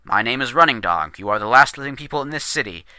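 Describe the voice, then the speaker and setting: A man's voice: mid-range voice, lively intonation, sharp tone, no room sound. A man doing a formal, English-accented young Lakota man. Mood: solemn. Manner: formal, measured, dignified. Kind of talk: storytelling character voice.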